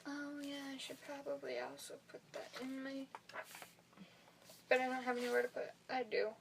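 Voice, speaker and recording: A woman's voice: high voice, sing-song, moderate pace, creaky, a little hiss or hum, poor audio. A young woman co-hosting a casual podcast, animatedly retelling movie scenes with frequent laughs. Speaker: podcast co-host. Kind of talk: casual chat.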